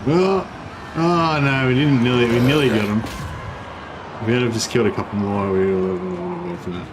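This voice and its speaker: Streaming a strategy game, a man with a medium-pitched voice and moderate pace gives loose, rambling commentary, breaking off his own thoughts and swearing at times. Steady noise runs behind him.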